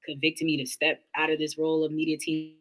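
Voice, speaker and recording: A woman's voice: deep voice, monotone, fast talker, a bit bright, poor audio. A young adult woman, an interview guest, talking candidly and thoughtfully in long, run-on reflections. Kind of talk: candid casual conversation.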